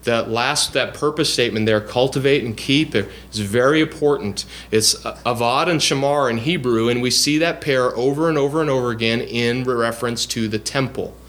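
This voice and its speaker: A man's voice: medium pitch, moderate pace, hardly any pauses, fairly bright tone. A man preaching a bible lesson, explaining scripture earnestly with frequent fillers and restarts. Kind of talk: bible teaching sermon.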